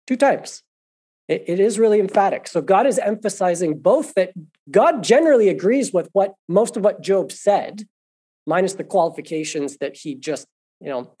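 A man's voice: high voice, darkish tone. A man leading a conversational Bible study lesson, thinking aloud and explaining points patiently. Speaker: Bible teacher.

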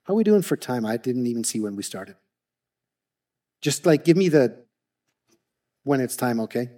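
A Canadian ministry speaker gives a testimony talk with slides, his medium-pitched voice moving at a moderate pace. He tells his stories in an animated way, restarting often.

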